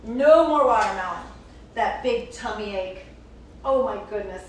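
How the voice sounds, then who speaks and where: A woman's voice: mid-range voice, slow pace. A woman hosting a children's show, playfully reading a picture book aloud and chatting with a puppet and the young viewers. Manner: animated, playful, talks to a puppet and the kids. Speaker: children's story reader and show host. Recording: echoey room, distant mic, faint hiss.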